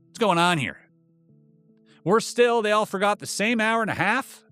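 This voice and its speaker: A man's voice: mid-range voice, fairly bright tone. A man hosting a show who reads a story aloud in a dry, wry way. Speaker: host and story reader. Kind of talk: story narration.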